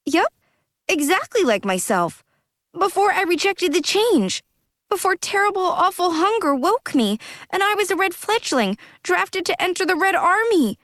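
A woman voicing an emotional young man in an audiobook, breathless and high. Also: sing-song, unhurried, a bit bright, dry recording, clean studio sound, heavily acted. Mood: joyful. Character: young man, tearful then overjoyed fledgling. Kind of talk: audiobook character reading.

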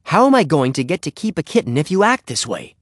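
A man voicing an earnest young boy in a storybook reading, speaking up higher than his own voice. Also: expressive, takes it slowly, gravelly, dry recording, studio quality, exaggerated voice. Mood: stern. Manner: raised, stern then pleading. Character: boy, about ten, earnest and cross.

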